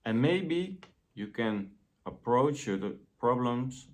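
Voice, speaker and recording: A man giving a motivational self-help talk in a gentle, deliberate way. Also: mid-range voice, sing-song.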